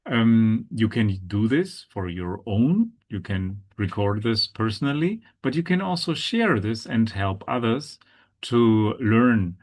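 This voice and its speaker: Man, language teacher, patient, repeats words, slow unhurried pace, lowish voice. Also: expressive, a little mellow. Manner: patient, repeats words slowly for students to copy. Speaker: German teacher. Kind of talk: pronunciation lesson.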